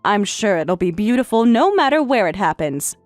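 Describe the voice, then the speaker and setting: A woman voicing a middle-aged stepmother, speaking in a calm, detached and formal way. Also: medium pitch, moderate pace, no echo, faint music behind, natural voice. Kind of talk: story narration with voiced roles.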